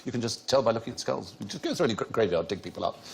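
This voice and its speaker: With heavy background noise around him, a middle-aged man talks very fast in a lowish voice with vocal fry. He hosts a comedy quiz show in witty panel style, explaining odd facts with relish, lively, erudite and laughing often.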